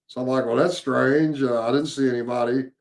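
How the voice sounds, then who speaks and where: A man telling his own encounter story in a casual, halting way, with many fillers and restarts. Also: mid-range voice, steady tone, creaky.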